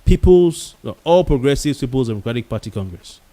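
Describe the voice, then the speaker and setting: A man's voice: mid-range voice, animated, a little fast, warm tone. A Nigerian-accented man hosting a late-night talk show, giving a heated commentary monologue with pidgin words mixed in. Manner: passionate and ranting, mixing pidgin words.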